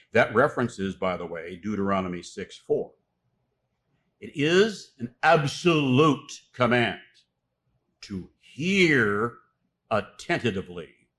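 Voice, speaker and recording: Slow-talking guy preaching, emphatic, punches certain words loud. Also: on the low side. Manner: emphatic, rising to loud stresses; reads scripture aloud with pauses. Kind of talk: sermon.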